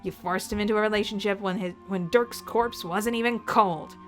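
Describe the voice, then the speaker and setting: A woman's voice: medium pitch, fairly even intonation, moderate pace, a bit bright, faint music behind, close to an everyday voice. A woman voicing a stubborn young man who earnestly accuses his family. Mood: blunt.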